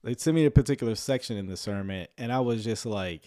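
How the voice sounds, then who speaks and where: A man's voice: lowish voice, fast, warm tone. Sarcastic chuckling man commentator. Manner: sarcastic, chuckling, rambling with many fillers. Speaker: online commentator reacting to a sermon. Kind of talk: casual livestream commentary.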